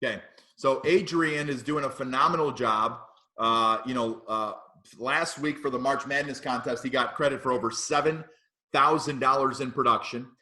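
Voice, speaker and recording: Man with a bright, forceful voice as team leader on a roomy-sounding call. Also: mid-range voice. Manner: brisk, praising, introduces the speaker. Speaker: agency leader running a team meeting. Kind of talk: virtual team meeting. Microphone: video call.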